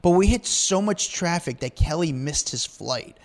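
A man co-hosting a podcast, telling rambling, animated stories in casual chat and acting out what people said. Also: a little high, moderate pace. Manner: rambling, animated, acts out quotes. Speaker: podcast co-host.

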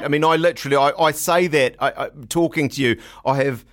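A man's voice: a little high, fast talker, very noisy. A man hosting a podcast interview, joking at his own expense and restarting his sentences. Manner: jokey, self-deprecating, stumbling restarts. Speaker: podcast host. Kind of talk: casual interview chat.

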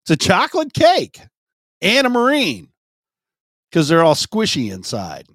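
A high-pitched man co-hosting a raunchy podcast, cutting in with teasing questions and bursts of laughter. His pitch swings in huge leaps from phrase to phrase. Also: wildly swooping pitch, measured pace, fairly bright tone, no room sound, clean studio sound. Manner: teasing, interrupting, laughs a lot. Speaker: podcast co-host. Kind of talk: crude comedic banter.

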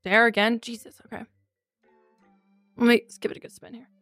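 A woman's voice: a little high, little pitch movement, normal speed, a bit bright, no echo, studio quality, soft background music. A young woman co-hosting a podcast in casual chat, playful and giggly. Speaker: podcast co-host.

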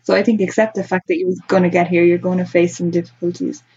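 A woman's voice: lowish voice, flat delivery, fast talker, darkish tone, husky, highs cut off. A young Irish woman chatting as a podcast guest, giving earnest, practical advice. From Ireland. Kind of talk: casual chat.

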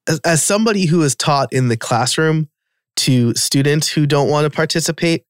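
A man with a New York accent hosting a casual podcast interview, talking in an animated way with quick asides. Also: fairly high pitch, no room sound, clean studio sound. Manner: animated, quick asides and quoted self-talk. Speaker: podcast host.

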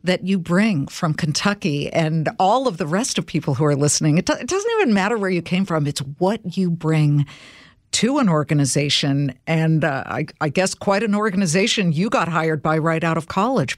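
A woman's voice: deep voice, animated, moderate pace, no echo, studio quality. A woman from California hosting an interview, speaking emphatically and addressing her listeners. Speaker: host. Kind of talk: interview host.

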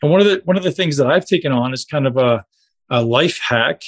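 A man's voice: medium pitch, lively intonation, a little fast. A man coaching a group on a call, talking casually and directly to his listeners.

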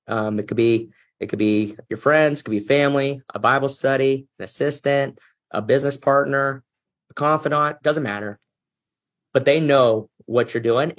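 Husky earnest man telling a story. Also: mid-range voice. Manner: earnest, reflective, emotional at times. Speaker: podcast guest, business executive. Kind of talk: personal storytelling in an interview.

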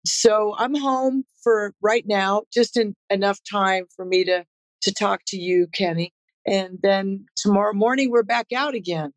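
Woman interview guest, relaxed storyteller, mid pitch, dry close sound. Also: measured pace, dry recording, poor audio. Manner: laid-back, laughs easily. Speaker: guest, rock musician. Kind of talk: casual interview chat.

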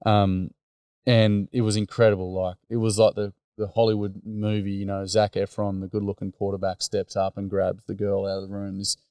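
A man's voice: on the low side, completely flat delivery, normal speed, dark tone, clear, resonant tone, dry recording, clean studio sound. A man with an Australian accent, a teacher and mentor, telling stories as a podcast guest in a casual, blokey way full of fillers and "mate". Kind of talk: storytelling in a podcast interview.

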